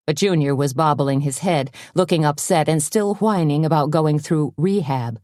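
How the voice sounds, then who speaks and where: A woman reading a cozy mystery audiobook in steady storytelling narration. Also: sits low, normal speed, hardly any pauses, no room sound, clean studio sound. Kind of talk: scripted narration.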